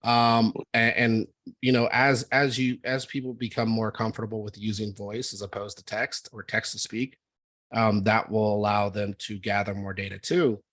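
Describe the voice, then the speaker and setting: Casting: man, lowish voice, dry close mic, casual trading-meeting host, rambling and laid-back. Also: normal speed, no room sound. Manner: relaxed, rambling, frequent fillers. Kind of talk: casual market discussion.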